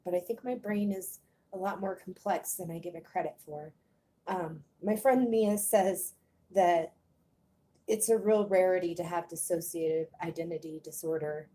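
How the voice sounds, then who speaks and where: A woman born in Germany, speaking hesitantly with many pauses in a personal confessional vlog, a little out of breath. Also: on the low side, steady tone, mellow. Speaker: vlogger.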